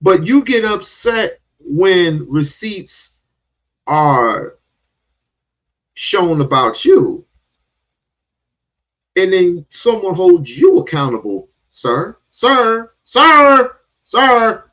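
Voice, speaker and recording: A man's voice: high-pitched, very animated, very slow, long pauses, muffled recording. A man giving heated, confrontational reaction commentary, cursing and repeating himself to drive points home.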